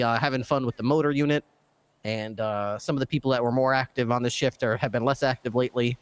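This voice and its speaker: A man playing a polite police dog-unit supervisor in a game role-play, halting with many pauses and ums. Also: medium pitch, no echo, lightly acted.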